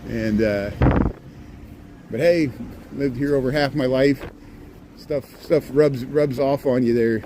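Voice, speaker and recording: A man's voice: medium pitch, slow pace, long pauses, warm tone, low-quality recording. A man in his forties from Indiana with a Midwestern accent hosts a walking livestream on a city street. He talks in a folksy, rambling way, filling his sentences with "here" and "there.". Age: 40s. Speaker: livestream host. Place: outdoors on a city street in light rain. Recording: street noise behind.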